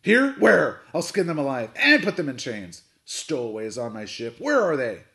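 A man's voice: mid-range voice, lively intonation, moderate pace, natural voice. Man doing a roaring, hot-tempered sea captain, Captain Swain. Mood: furious. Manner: roaring, bellowing shouts.

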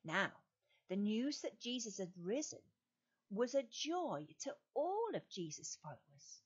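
An English woman leading a children's Sunday school lesson, quizzing and storytelling in a slow, sing-song way with exaggerated rises. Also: fairly high pitch, very animated, husky, highs cut off.

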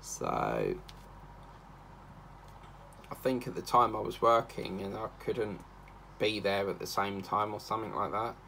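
A man's voice: fairly low pitch, expressive, a little slow, creaky, long pauses, pushed and bright, slight background noise. A man chatting casually and rambling from topic to topic while he does a craft project, now and then singing a line or two. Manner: rambling, chatty, breaks into snatches of song. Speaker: craft channel host.

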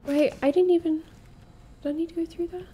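A woman's voice: extremely high pitch, steady tone, fairly quick, warm tone, a little hiss or hum. A young woman streaming her first playthrough of a game, chatting casually, swearing and spiraling into panicked repeated words. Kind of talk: casual gameplay commentary.

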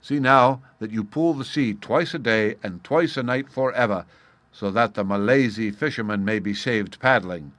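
A man's voice: on the low side, moderate pace, fairly bright tone, no room sound, close to an everyday voice. A man voicing a stern, solemn old magician who pronounces judgments in a storybook reading. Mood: commanding.

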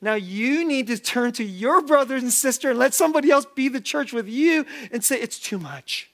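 A man preaching a sermon as pastor, lively and self-deprecating, often laughing as he talks. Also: extremely high pitch, brisk. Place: church sanctuary.

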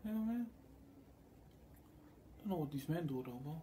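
Mellow-voiced man in a rambling monologue. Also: a little high, expressive, brisk, a little hiss or hum. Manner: loose, meandering storytelling with quoted voices.

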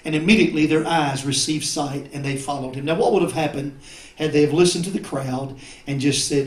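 A male pastor delivers a fervent sermon in a high, ringing voice. He swings between shouted peaks and low, confiding asides. The sound carries the echo of a large church sanctuary. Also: fairly quick.

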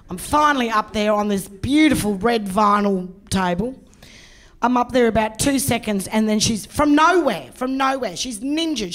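A middle-aged Australian woman doing stand-up, telling a story in a brash, profane, animated way. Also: a little high. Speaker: stand-up comedian.

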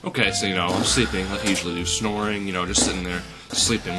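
A young man rambling excitedly through a comedy skit, his voice climbing into shouts as he gets carried away. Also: low voice, fast talker, over loud music. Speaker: comedy sketch performer.

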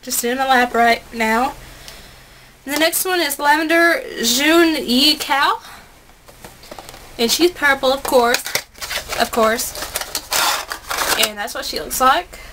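Gushing high-voiced young woman vlogger. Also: a little slow, pauses often, background noise. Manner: gushing, excitable, chatty. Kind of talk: excited unboxing vlog.

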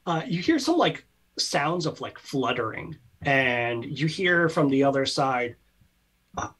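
A man narrating a tabletop game as game master, relaxed and halting with many fillers. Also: medium pitch, slightly rough.

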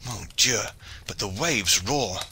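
A man's voice: fairly low pitch, expressive, slow, bright, forceful tone, a little hiss or hum, exaggerated voice. A man reading an audiobook, voicing a portly, blustering male knight who complains wrathfully. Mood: hasty.

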